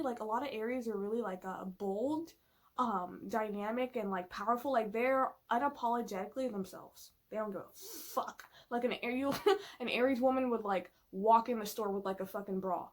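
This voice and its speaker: Woman vlogger, slightly high-pitched, loose profane casual chat, playful and emphatic. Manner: profane, filler-heavy and chatty.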